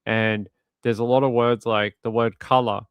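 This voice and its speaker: An Australian man hosts a live stream and reads viewer comments aloud in a loose, easygoing way. He often repeats words and laughs softly between thoughts. His voice is clean and resonant, with a dry, close sound and little room echo. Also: mid-range voice, moderate pace, smooth. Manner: relaxed, repeats himself, chuckles often. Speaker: livestream host. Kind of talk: casual live chat reading viewer comments.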